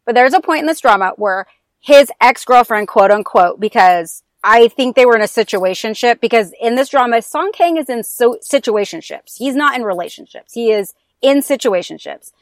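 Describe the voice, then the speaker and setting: Woman on a podcast, kinda high voice, sassy and animated, dry close sound. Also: normal speed, dry recording. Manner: animated storyteller who acts out scenes; sassy, emphatic. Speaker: podcast guest. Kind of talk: casual chat about TV dramas.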